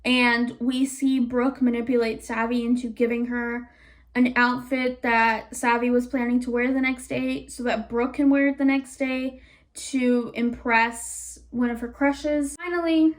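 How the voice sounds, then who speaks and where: High-voiced chatty woman reviewer. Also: a little slow. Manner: animated, sarcastic, rambling asides. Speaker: YouTube reviewer. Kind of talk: casual chatty recap.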